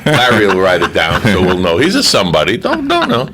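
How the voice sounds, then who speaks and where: Bright, animated joking radio host man. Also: on the low side, fairly quick, a little hiss or hum. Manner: joking, rambling, puts on comic voices. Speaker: radio call-in show host. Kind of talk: casual radio chat.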